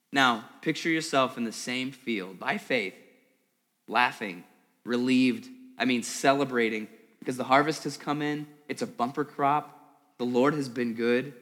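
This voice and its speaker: Telling a story in his sermon, a male pastor speaks in a mid-range, fairly bright voice, conversational and vivid with frequent word repetition. It's a church service in a school hall, recorded with long hall reverb.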